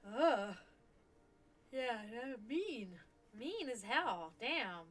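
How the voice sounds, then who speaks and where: A woman's voice: fairly high pitch, very animated, very slow, soft background music. A woman hosting a live stream, chatting casually and rambling, with frequent restarts and offhand swearing. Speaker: stream host.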